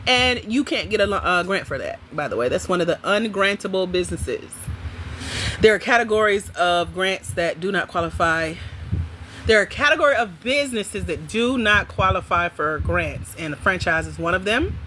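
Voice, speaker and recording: Chatty woman, bright voice. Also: lowish voice, normal speed, a little hiss or hum. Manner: chatty, animated, laughs often. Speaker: livestream host. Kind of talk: casual livestream chat with viewers.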